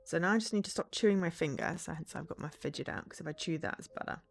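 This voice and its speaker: A woman's voice: sits low, quick pace, gravelly. A woman streaming a game from home, chatting casually and self-deprecatingly into a desk microphone, sometimes reading lines aloud, with faint game music behind. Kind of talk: casual let's-play commentary.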